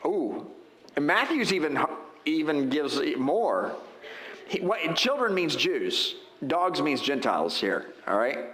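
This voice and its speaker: A man's voice: on the high side, big pitch swings, takes it slowly, a bit bright, reverberant, poor audio. A male pastor preaching a sermon in a conversational way, full of rhetorical asides and questions to the congregation. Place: church sanctuary.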